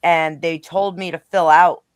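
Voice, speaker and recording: A woman's voice: on the low side, fairly even intonation, unhurried, clear, resonant tone, no room sound, clean studio sound. A woman speaking bluntly and swearing freely as a panelist in a casual political chat. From Rhode Island.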